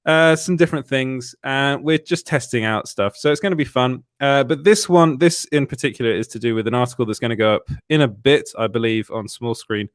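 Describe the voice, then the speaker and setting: A man's voice: mid-range voice, brisk, few pauses, no echo, clean studio sound. A tired man hosting a live stream, chatting casually with lots of filler words and little chuckles. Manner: rambling, many "uh" fillers, frequent chuckles. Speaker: host of a live show.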